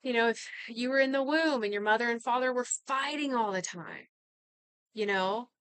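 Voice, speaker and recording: A woman's voice: a little high, normal speed, fairly bright tone, smooth, no room sound. A woman giving an earnest, casual talk on healing and inherited patterns, full of conversational asides.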